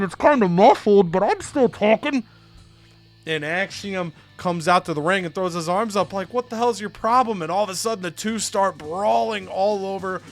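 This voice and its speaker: Male gaming host, high-pitched, casual wrestling-game recap, likes to act out the characters; faint music bed. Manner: animated, acts out wrestlers' lines in exaggerated voices. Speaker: gaming YouTuber narrating a wrestling management game. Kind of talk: casual playthrough commentary.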